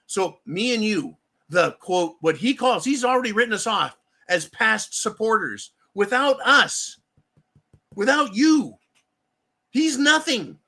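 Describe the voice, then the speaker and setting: A man's voice: high voice, sing-song, slow pace, bright, forceful tone. A man delivering an angry, profane and sarcastic political rant as commentator.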